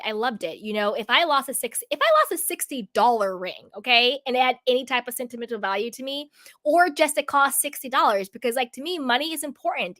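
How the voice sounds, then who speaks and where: A woman's voice: high voice, a bit bright, no echo, clean studio sound. A woman giving an opinionated recap of a reality show, emphatic and indignant, full of rhetorical questions. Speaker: reality TV commentator.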